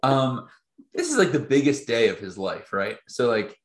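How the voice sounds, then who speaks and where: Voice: medium pitch, very animated, moderate pace. A podcast co-host in casual chat, an easily laughing fan explaining the show. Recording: roomy echo.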